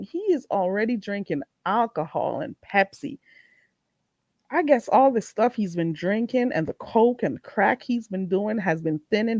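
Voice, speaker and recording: On her own livestream, a female channel host rants at a viewer, mocking and scolding him with blunt exasperation as her voice rises and falls. Her mid-range voice is a little mellow, and the sound is dry and close with no room noise.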